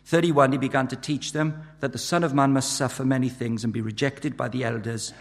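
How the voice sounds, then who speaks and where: Gravelly preacher in a reverberant hall. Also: male voice, medium pitch, steady tone, fairly quick. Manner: urgent, emphatic preaching with sharp swings in loudness. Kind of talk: sermon.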